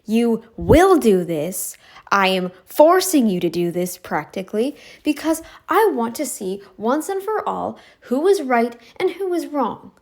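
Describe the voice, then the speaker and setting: Insistent, repetitive woman vlogger, higher voice. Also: big pitch swings. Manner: insistent and repetitive, drawn-out emphatic phrasing. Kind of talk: casual to-camera commentary.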